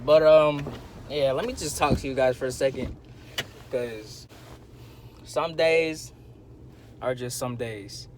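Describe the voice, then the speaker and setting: A young man rambles to his camera in a relaxed, slangy way, still groggy from just waking up. He sounds like he is in a car or out on the street. Street noise and traffic are clearly heard behind him. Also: medium pitch, slow, pauses often. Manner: laid-back, slangy, rambling. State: groggy morning voice. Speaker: vlogger. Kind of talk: casual vlog talk to camera. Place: in a car and outdoors in a city.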